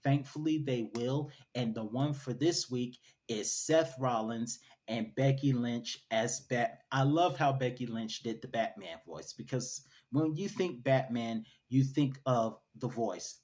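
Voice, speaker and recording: A man's voice: mid-range voice, measured pace, few pauses, a little mellow. Wry, chatty male wrestling reviewer. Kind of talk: casual solo commentary.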